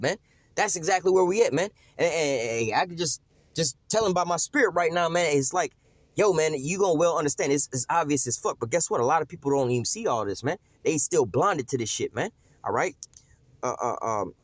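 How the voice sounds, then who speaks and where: Fast-talking slangy male street preacher. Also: fairly high pitch, expressive, no room sound. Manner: slangy, profane, repeats "you know what I'm saying"; fills pauses with drawn-out "uh". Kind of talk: street-style sermon.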